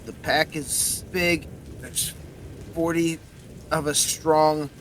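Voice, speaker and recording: A man's voice: a little high, steady tone, slow, fairly bright tone, slight background noise, voice pushed up. A man voicing the spirit of a dead werewolf speaking through its skull, coarse, swearing and pained.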